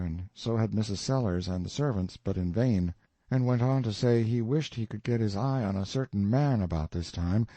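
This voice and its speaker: A man narrating a classic novel as an audiobook, in a lively, expressive reading. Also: lowish voice, no echo.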